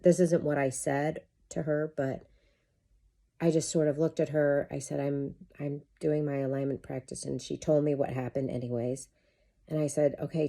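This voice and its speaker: Low mellow-voiced woman coaching. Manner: candid, chatty, swears freely. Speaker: life coach. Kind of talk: casual monologue to camera.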